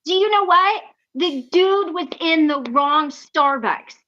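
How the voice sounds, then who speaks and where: A woman with a high, bright voice tells a story on a video call and puts on the voices of the people in it as she goes. The audio is a little dull and muffled, the way a video call sounds. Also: slow. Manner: animated, acts out the people in her stories. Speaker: host of online recovery meeting.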